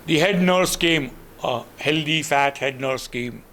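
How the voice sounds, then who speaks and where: A man's voice: on the high side, slow, a bit bright, slight background noise. A man with an Indian accent giving a motivational storytelling lecture to students, earnest and full of "you know" asides. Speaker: guest lecturer.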